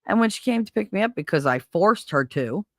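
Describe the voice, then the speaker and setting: A woman's voice: mid-range voice, animated, a little fast, fairly bright tone, dry recording, studio quality. A woman hosting a casual livestream from home, seated at her computer and talking candidly and emotionally to her viewers, rambling and swearing now and then. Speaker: livestream host. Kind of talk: casual chat with live viewers.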